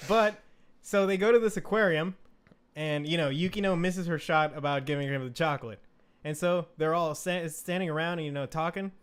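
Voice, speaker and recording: A man co-hosting a casual anime discussion, animated and swearing freely, sometimes shouting when excited. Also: fairly high pitch, normal speed, smooth. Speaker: co-host.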